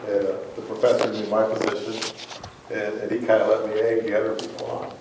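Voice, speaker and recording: A man in a class, telling a story from his seminary days in a halting, relaxed way. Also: fairly low pitch. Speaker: class member. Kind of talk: sharing an anecdote in class. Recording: echoey room, from far off, with noise.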